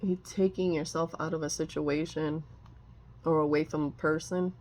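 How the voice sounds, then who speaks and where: A woman's voice: deep voice, steady tone, moderate pace, darkish tone. A woman giving a casual tarot reading, rambling with many fillers and restarts and often apologizing. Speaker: tarot reader.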